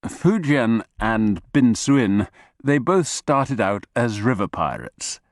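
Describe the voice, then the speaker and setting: Audiobook figure: man voicing a calm, worldly Corsican businessman, raised pitch, dry close read. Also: slow, no echo. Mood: explaining.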